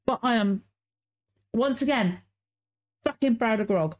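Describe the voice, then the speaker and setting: A woman reacting to an animated episode, effusive and emotional, swearing freely. She talks at an unhurried, slow pace. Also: on the high side, faint music behind. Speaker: reaction video host. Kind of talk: casual reaction commentary.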